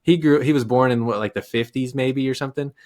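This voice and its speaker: Man, 30s, from texas, podcast guest, lively storyteller, middle pitch, restarts a lot. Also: quick pace. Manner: animated, laughing storyteller with many restarts. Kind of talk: casual storytelling.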